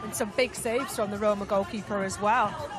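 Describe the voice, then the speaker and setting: A woman's voice: medium pitch, fairly even intonation, normal speed, a crowd in the background. A woman from England with a Lancashire accent, enthusiastically talking through match replays as a pundit. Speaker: football pundit. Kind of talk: match highlights analysis.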